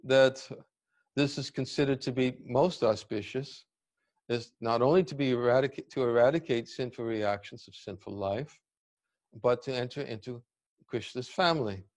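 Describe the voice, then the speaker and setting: Man giving a deliberate scripture class. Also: mid-range voice. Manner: deliberate, searching for words, reading commentary aloud. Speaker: spiritual teacher giving a class.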